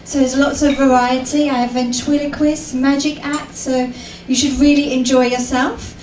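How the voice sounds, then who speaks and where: High-voiced British woman doing stand-up. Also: little pitch movement, normal speed, a little mellow. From Britain. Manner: chatty, self-mocking, frequent ums. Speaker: stand-up comedian. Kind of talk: stand-up comedy set. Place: comedy club stage. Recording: echoey club, mic at a distance, faint room noise.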